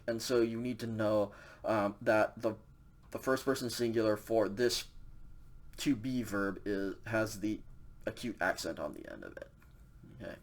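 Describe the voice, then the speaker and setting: A man with a mid-range voice gives a recorded language lecture over slides. He explains things casually, using lots of fillers and often checking in with "okay."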